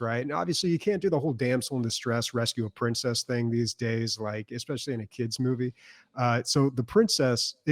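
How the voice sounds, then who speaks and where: A man in casual podcast chat, talking in long loose runs full of fillers. His voice sits at an ordinary middle pitch. The sound is dry and close, with no room around it. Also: a little mellow, no room sound. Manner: rambling, filler-heavy storytelling. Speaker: podcast co-host.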